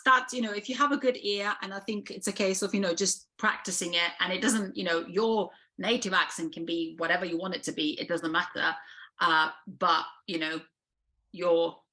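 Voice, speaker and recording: A woman's voice: on the low side, sharp tone. A woman with a Serbian accent, a casting director speaking frankly in an interview, with many fillers and restarts. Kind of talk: interview conversation.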